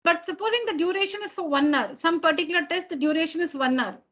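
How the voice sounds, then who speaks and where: A woman's voice: very high voice, fast talker, fairly bright tone, highs cut off. A woman teacher talking to her students in an online class. She explains patiently, repeating and rephrasing each point. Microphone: computer mic on a video call.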